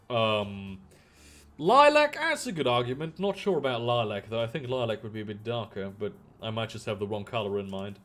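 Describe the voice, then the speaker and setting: A man's voice: mid-range voice, a bit bright. A man streaming a video game, reading its story text aloud and chatting casually in between.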